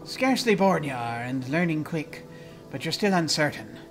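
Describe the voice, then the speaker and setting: A gruff, sour old midwife woman from a video game speaks in stern, old-fashioned riddles, as a man puts her on. Her tone is scolding and cryptic. Faint game music plays underneath. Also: on the high side, quick pace, close to an everyday voice. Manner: stern, scolding, archaic phrasing.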